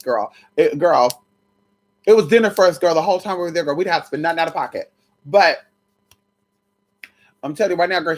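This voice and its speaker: A woman vlogger telling a brash, profane story straight to her viewers in a chatty way. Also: low-pitched. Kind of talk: storytime chat to camera.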